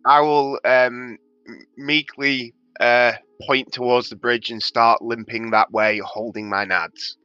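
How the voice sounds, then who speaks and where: A man's voice: mid-range voice, fairly even intonation, slow pace, sharp tone, clear, resonant tone, no room sound, dull audio, soft background music. A man playing a tabletop game, talking hesitantly with fillers and laughs. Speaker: player. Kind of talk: casual tabletop play.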